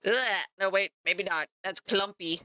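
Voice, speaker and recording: A woman chats to her stream while she paints, joking at her own expense. Her voice is bright and forward. The sound is dry and close, with no room echo. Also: medium pitch, normal speed, creaky. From Canada. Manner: chatty and self-mocking, talking to chat while working. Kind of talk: casual livestream chat.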